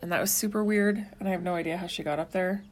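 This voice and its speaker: A woman's voice: on the low side, fairly even intonation, fast. A young woman co-hosting a casual home podcast, tired and frank, peppering her talk with 'like'. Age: young adult. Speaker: podcast co-host. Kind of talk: casual chat.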